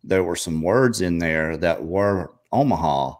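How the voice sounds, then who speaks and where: A man hosting an interview, chatting casually and telling long stories in a relaxed way. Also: low voice, measured pace. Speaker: show host.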